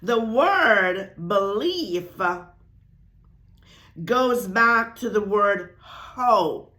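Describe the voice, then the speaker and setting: A woman hosting a spiritual talk, speaking slowly and emphatically, repeating key phrases and checking in with viewers. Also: medium pitch, animated, sharp tone. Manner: addresses viewers directly with "right?" and "y'all". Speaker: spiritual channel host. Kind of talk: teaching talk to camera.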